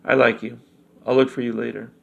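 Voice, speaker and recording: A man reading as a gruff, gravelly villager. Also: medium pitch, flat delivery, a little fast, highs cut off. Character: gruff weary male villager, blunt.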